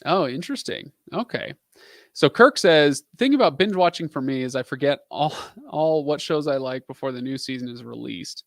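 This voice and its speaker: A man in his thirties chats his way through viewer questions on a live stream, rambling from topic to topic with plenty of fillers. His voice sits at a middle pitch. The sound is dry and close, with no room echo. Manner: chatty, rambling, with frequent fillers and asides. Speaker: livestream host answering viewer questions. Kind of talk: casual live-stream chat.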